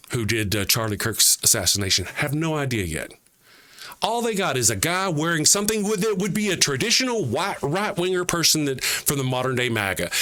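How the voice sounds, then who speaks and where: Casting note: fired-up man in a solo political rant, bright forceful voice, swooping, lively pitch, crude and emphatic. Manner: heated, profane, repetitive, emphatic; mocking quoted voices dropped low. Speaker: political commentator. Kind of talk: angry political rant to camera.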